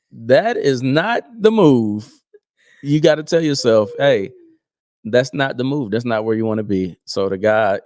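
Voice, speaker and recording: Animated man telling a story, dry sound. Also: lowish voice, no echo. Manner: animated, acts out voices in quoted dialogue. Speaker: podcast co-host. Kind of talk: casual storytelling.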